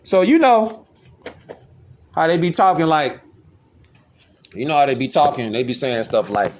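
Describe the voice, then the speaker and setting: A man's voice: on the high side, expressive, measured pace, long pauses, a little mellow, slight background noise. A man giving a casual, slangy streetwise monologue, repeating himself and firing off rhetorical questions. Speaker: online commentator.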